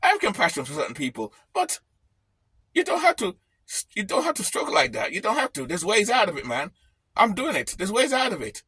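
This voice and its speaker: A man's voice: high voice, wildly swooping pitch, a little fast, bright, forceful tone, slightly rough, no room sound. A man ranting bluntly on his vlog from his camper van, swearing freely. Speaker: vlogger.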